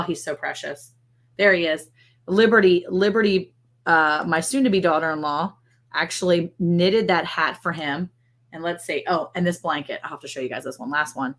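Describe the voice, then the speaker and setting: Chatty middle-aged woman, gushing. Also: fairly low pitch. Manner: gushing, chatty, animated storytelling. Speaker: livestream host. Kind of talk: casual livestream chat.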